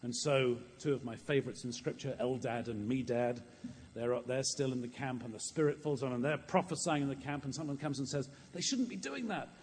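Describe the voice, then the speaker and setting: A man's voice: medium pitch, steady tone, a little fast, a little mellow, big-room sound, a little hiss or hum. A man preaching a sermon in a church, earnest and storytelling, often repeating words as he goes.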